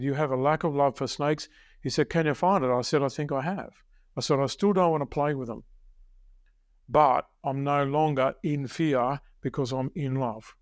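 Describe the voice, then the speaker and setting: An older man in his sixties speaks as a coach on a podcast, slowing down to stress his key phrases like a teacher. His voice sits a little high for a man. The sound is close and dry. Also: no room sound. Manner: deliberate, emphatic teacherly delivery with slowed key phrases. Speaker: success coach guest. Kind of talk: podcast interview storytelling.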